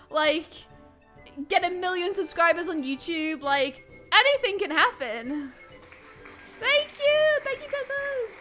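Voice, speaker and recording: A woman streaming a video game live, chatting with viewers and swinging between quiet muttering and excited shrieks. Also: very high-pitched. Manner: chatty, thanks chat viewers by name. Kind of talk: live gameplay commentary.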